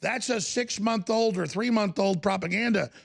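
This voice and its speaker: A man putting on a high voice to mock an exasperated woman news anchor who keeps interrupting. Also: normal speed, creaky.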